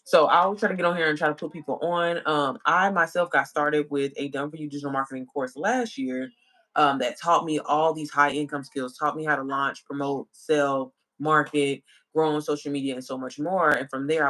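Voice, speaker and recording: A woman's voice: low-pitched, fairly quick, a bit bright. A woman chatting casually with viewers on a livestream as an online business coach, calling them y'all and girl.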